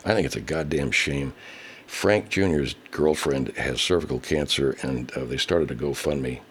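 A man's voice: very deep voice, moderate pace, slight background noise. A man hosting a casual livestream, reading viewer comments, swearing heavily and ranting angrily. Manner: baby talk to his pet cat. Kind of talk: casual profane livestream chat.

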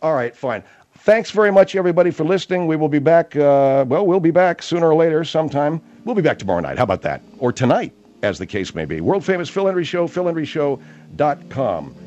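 Male talk radio host: exasperated, emphatic, animated delivery, slightly muffled sound. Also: a little high, fast talker.

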